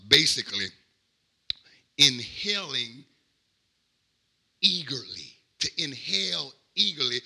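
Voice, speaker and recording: A man preaching a sermon as pastor. He repeats phrases and swings from quiet asides to shouted, drawn-out lines. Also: medium pitch, creaky. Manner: call-and-response, repeats phrases.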